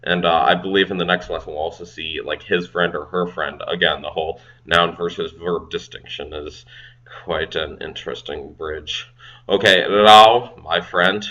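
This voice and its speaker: A man hosting a casual language-learning video, sounding out foreign phrases slowly and then explaining them in quick, offhand asides. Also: sits low, steady tone, bright, forceful tone, lo-fi sound. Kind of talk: casual self-study language lesson.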